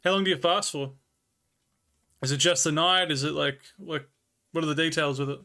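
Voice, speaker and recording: A laid-back Australian livestreamer chats with his live viewers in a bright, forceful voice. For a man his pitch sits a little high, and he slows right down whenever he reads old scripture aloud.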